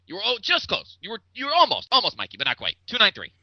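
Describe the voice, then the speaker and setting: A man playing a clueless, excitable sports fan in a comedy bit, rambling and repeating his co-host's name. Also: high-pitched, fast talker, dry recording, dull audio, full character voice. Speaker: podcast co-host in comedy bit. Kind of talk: comedic sports-talk parody.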